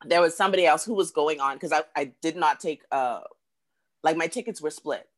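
Woman telling a lively story. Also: low-pitched, brisk. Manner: lively, acts out quoted voices, repeats words. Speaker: guest. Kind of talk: casual storytelling chat.

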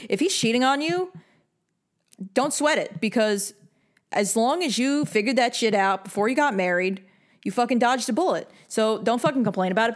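A woman's voice: medium pitch, moderate pace. A young woman from New York giving blunt, bossy advice in a casual rant full of swearing. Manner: blunt and heavily profane; bossy, lecturing.

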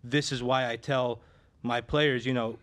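A man's voice: mid-range voice, fairly even intonation, measured pace, fairly bright tone. A man working as a sports betting advisor, telling stories in a casual chat, with many restarts and fillers.

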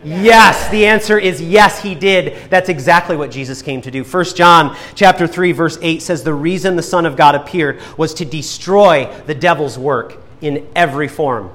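A young man preaching from the pulpit with a fairly high voice. He shifts from soft, slow emphasis to quick, lively asides and briefly acts out voices in his stories. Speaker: pastor. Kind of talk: sermon.

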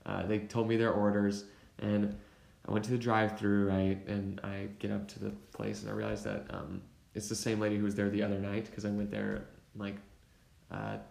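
A young man in casual chat, telling a rambling story in a relaxed way, full of fillers. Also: on the low side, normal speed, gravelly. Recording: roomy echo.

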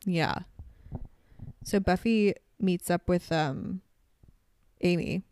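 A woman's voice: on the low side, steady tone, slow, a little mellow, clean tone. A woman hosting a podcast, chatting casually about a TV episode and laughing often. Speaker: podcast host. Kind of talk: casual chat recapping a TV episode.

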